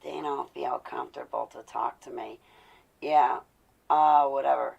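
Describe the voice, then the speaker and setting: A woman's voice: rumbling low, steady tone, unhurried, creaky, slightly rough, highs cut off. A woman talking to her live-stream viewers, confessional and intense, growing indignant as she talks. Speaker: vlogger speaking to live viewers. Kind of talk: casual live-stream talk.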